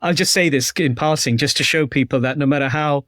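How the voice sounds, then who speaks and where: A man's voice: on the high side, fairly quick, a bit bright, no room sound. Man author telling stories in an interview, easygoing, dry sounding mic. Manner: chatty, anecdotal, self-deprecating. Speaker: guest author. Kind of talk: casual interview chat.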